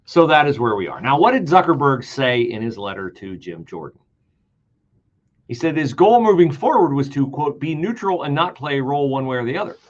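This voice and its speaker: Man, political commentary host, sarcastic, emphatic, animated pitch, slightly muffled stream audio. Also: brisk. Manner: emphatic, sarcastic, repeats key words for stress; swings between loud outbursts and mocking whispers.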